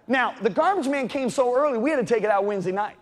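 A man preaching a sermon, telling stories dramatically and swinging between loud calls and hushed moments. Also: very high-pitched, animated, fast talker, long reverb tail. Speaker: pastor. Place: church sanctuary.

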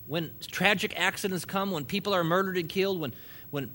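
A man's voice: high voice, brisk, pushed and bright. A man preaching a sermon, emphatic and repetitive, stressing points by piling up phrases. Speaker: pastor.

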